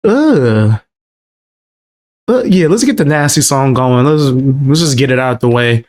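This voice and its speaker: A man's voice: mid-range voice, expressive, measured pace, darkish tone. A man streaming a casual live reaction to a video, blunt and slangy, calling things crazy and out of pocket.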